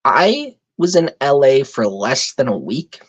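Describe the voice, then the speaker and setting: A woman hosting a live stream, telling a story in a profane, exasperated, animated way. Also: rumbling low, unhurried, slightly rough. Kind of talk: casual storytelling rant. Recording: dull lo-fi stream audio.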